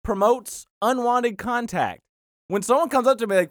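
A man's voice: sits high, moderate pace, fairly bright tone, no echo, clean studio sound. A young man co-hosting a casual comedy podcast, ranting and mimicking people in exaggerated voices. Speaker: podcast co-host.

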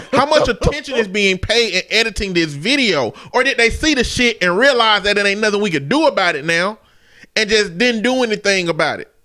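A man co-host picks apart a film with blunt, profane criticism and laughing asides. His voice sits high for a man and has a bright, sharp edge. The talk is loose and conversational. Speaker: podcast co-host. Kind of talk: casual movie review chat.

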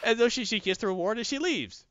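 A man's voice: extremely high pitch, expressive, fast, a bit bright, slight background noise. A man hosting a casual comic review chat, retelling a story animatedly and acting out the voices, in a dull lo-fi recording. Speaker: podcast co-host reviewing comics.

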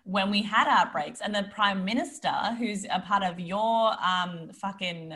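A young woman co-hosting a podcast in casual chat, swearing freely and retelling scenes with animated laughter. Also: medium pitch, measured pace. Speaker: podcast co-host.

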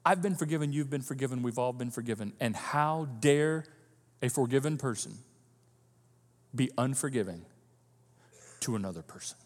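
A man's voice: medium pitch, normal speed, pauses often, in a large hall. A male pastor preaching a sermon, acting out the voices of his listeners as he goes. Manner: animated, acts out quoted voices of listeners. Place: church hall.

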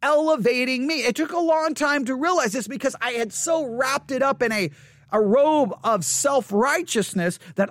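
A man's voice: very high-pitched, expressive, normal speed, a bit bright, no echo, clean studio sound. A man preaching as a pastor, speaking candidly and self-deprecatingly, often repeating phrases for emphasis. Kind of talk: sermon podcast.

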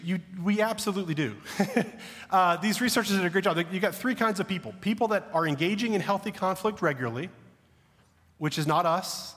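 A Southern American man in his thirties delivers a sermon in a conversational, self-deprecating way. His voice sits a little high for a man. It rings with the long reverb of a large hall. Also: quick pace. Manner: conversational, self-deprecating, drops to a hushed voice for stories. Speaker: pastor.

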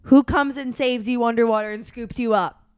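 Mom interviewer, eager and chatty, keeps nudging with "right?", dry close sound. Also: female voice, fairly high pitch, fairly even intonation, moderate pace, clean tone, dry recording. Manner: eager, prompting with "right?" questions; acts out voices while retelling. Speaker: parent interviewing her son. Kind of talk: casual storytelling chat.

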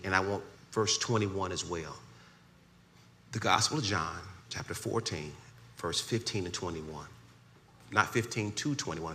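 A man preaching, his bright voice swinging widely in pitch. He moves from steady scripture reading to fervent, shouted peaks. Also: a little hiss or hum. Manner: builds to shouting climaxes, call-and-response. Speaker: pastor. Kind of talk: sermon.

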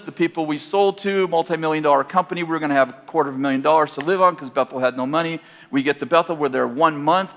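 Older man, preacher, storytelling sermon, casual and animated, laughs as he goes. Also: on the high side. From Northern California, USA. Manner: conversational, animated, laughing at his own story.

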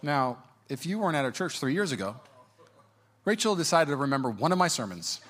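A man in his thirties preaches with a high, bright voice that is full of energy. He tells stories about his own life, jokes with the congregation and slips into exaggerated voices to act out what people said. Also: a little fast. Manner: animated, jokey, acts out quotes in high-pitched voices. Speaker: pastor. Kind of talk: sermon with personal storytelling.

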